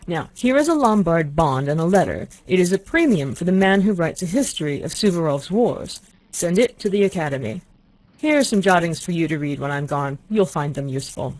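A narrator voicing a stern, irascible old male prince in an audiobook, speaking in clipped, gruff bursts that rise into angry shouts. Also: medium pitch, expressive, fairly quick, dry recording, close to an everyday voice. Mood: gruff instructing. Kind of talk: audiobook character voice.

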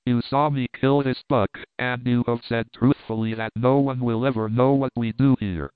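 A fierce, proud noblewoman issues cold, firm commands, as a man reads her part. She speaks slowly in a low, clear voice. The sound is dry and narrow, like a phone. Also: fairly even intonation, no echo, lightly acted. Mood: commanding.

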